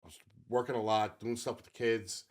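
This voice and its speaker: A man's voice: mid-range voice, steady tone, fairly quick. A man in his fifties co-hosting a podcast, telling a long story in casual chat and swearing freely. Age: 50s. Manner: profane, rambling storyteller. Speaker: podcast co-host.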